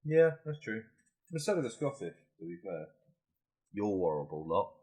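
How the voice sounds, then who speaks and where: A British man in relaxed conversation, his voice sitting a little low but swinging widely in pitch. He is talkative and quick to laugh, and he throws in cheeky swear words. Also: breathy edge. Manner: chatty, laughs easily, playful swearing. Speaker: podcast co-host. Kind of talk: casual chat.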